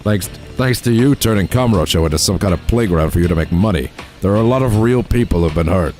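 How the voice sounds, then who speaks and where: A man voicing a stern, gruff yakuza man with blunt, disapproving lines. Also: low voice, expressive, fast talker, a little mellow, faint music behind.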